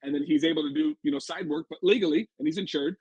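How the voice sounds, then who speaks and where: Man from Arizona, husky voice, rapid-fire talk, blunt swearing storyteller, dry close sound. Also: fairly high pitch, no room sound, highs cut off. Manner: energetic, blunt, swears freely. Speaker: HVAC sales pro, podcast guest. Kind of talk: casual podcast storytelling.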